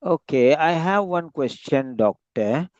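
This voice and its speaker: A man's voice: fairly high pitch, expressive, slow, darkish tone, dry recording, muffled recording, voice pushed up. Man playing a worried male patient. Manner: anxious, pleading questions. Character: worried adult male patient fearing cancer. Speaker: role-play patient. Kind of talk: medical role-play.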